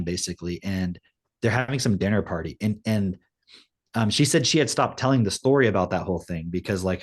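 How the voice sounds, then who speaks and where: A man co-hosting a podcast, retelling a story in casual chat, rambling and filling every pause with "like". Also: fairly low pitch. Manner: rambling storytelling, heavy use of "like". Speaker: podcast co-host.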